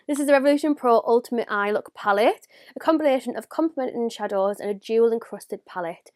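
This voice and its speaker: A young woman talks through a makeup unboxing. She sounds gushing and excitable, slipping into hushed whispers and gasps, in a slightly high voice. The recording is dry and close, with no room echo. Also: fairly quick. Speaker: beauty vlogger. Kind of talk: casual unboxing vlog.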